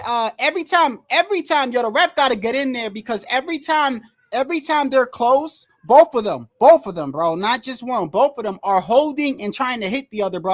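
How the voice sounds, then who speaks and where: A livestream host giving casual, excitable fight commentary from home, full of slang, cursing and restarts. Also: mid-range voice. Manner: excitable, loud outbursts, frequent slang and cursing; rambling restarts and repeated words. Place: indoors at home, wind and street heard outside.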